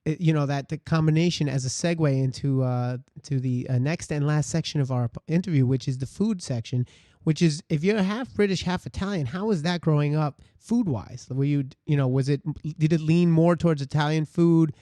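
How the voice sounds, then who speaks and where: A man with a Brooklyn accent hosting a casual interview, excitable and playful. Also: a little high, a little fast, no room sound. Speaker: podcast host.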